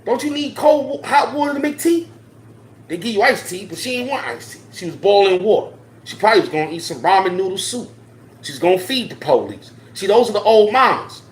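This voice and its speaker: A man's voice: high-pitched, animated, brisk, slight background noise. A man giving impassioned, slangy social commentary to his viewers, repeating his points for emphasis. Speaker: online commentator. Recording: roomy echo.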